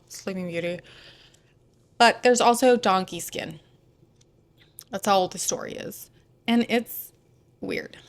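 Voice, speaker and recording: A woman's voice: mid-range voice, fairly bright tone. A young woman from Houston chatting casually about films, digressive and full of asides. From Houston, Texas. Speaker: film vlogger.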